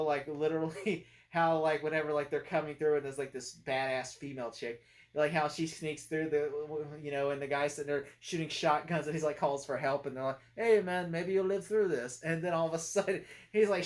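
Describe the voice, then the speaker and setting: A young man giving a casual, rambling movie review, full of fillers and half-finished sentences, quoting lines in low mutters. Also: fairly even intonation, a little fast.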